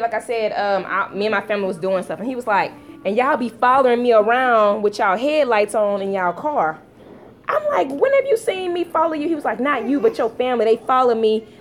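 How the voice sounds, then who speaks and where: Animated woman telling a home storytime. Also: a little hiss or hum. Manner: animated, acts out quotes with pitch jumps; talks to her toddlers between story bits. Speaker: vlogger. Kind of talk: casual storytime chat.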